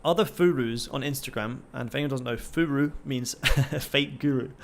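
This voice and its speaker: A man's voice: mid-range voice, moderate pace, creaky, slight background noise. Profane, fired-up young man on a livestream. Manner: swears constantly, pumped-up and motivational. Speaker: livestream trading host. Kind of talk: casual livestream commentary.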